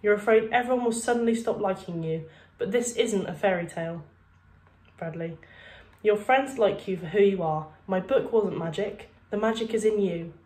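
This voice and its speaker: A woman voicing a kind female school counselor who speaks calmly and reassuringly. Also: mid-range voice, moderate pace, echoey room, lightly acted. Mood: gentle. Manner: calm, reassuring.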